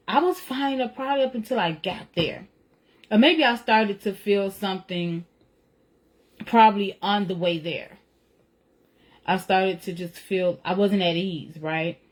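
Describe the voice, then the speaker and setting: A woman telling a personal faith story in a casual, earnest way, often checking in with "right?" and "you know". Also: mid-range voice. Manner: reflective, retelling feelings with rising emotion. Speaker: author sharing a personal testimony.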